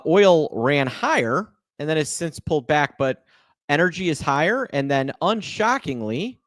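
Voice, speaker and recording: A man's voice: fairly high pitch, no echo. Male host, laid-back and chatty, dry video-call voice. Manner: relaxed, filler-heavy. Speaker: show host introducing guests. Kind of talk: casual live webinar intro.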